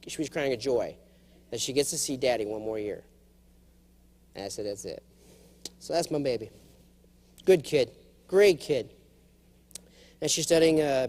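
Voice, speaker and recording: Man, high voice, humorous keynote speaker, animated storyteller, large conference hall. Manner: animated storyteller, jumps to high acted quotes.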